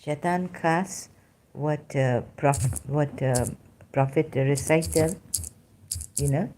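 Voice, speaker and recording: A woman with a non-native English accent talks in an unscripted monologue to her viewers. She rambles and presses hard on her points. Her voice is mellow, slightly low and very slow. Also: a little hiss or hum. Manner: emphatic, rambling, addresses listeners directly. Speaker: vlogger.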